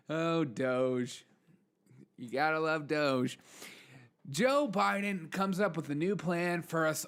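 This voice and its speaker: A man hosting his own news commentary show, delivering sarcastic remarks and chuckling often between lines. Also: fairly high pitch. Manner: chuckles often, mocking asides. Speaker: show host.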